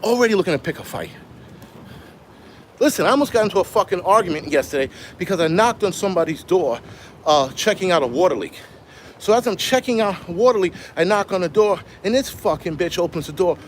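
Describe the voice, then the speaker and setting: A man's voice: sits high, expressive, brisk. A man ranting as he walks home through city streets, blunt and profane, recording on a handheld phone with faint street noise behind him. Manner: blunt, swearing, heated. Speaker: firefighter vlogger. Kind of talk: profane walk-and-talk rant to live chat. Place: outdoors on city streets, walking.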